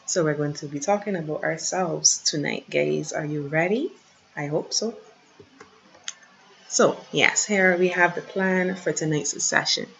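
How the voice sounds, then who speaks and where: A woman teaching a French lesson online, carefully pronouncing each phrase slowly for her students. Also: deep voice, creaky, fairly bright tone, lo-fi sound, a little hiss or hum.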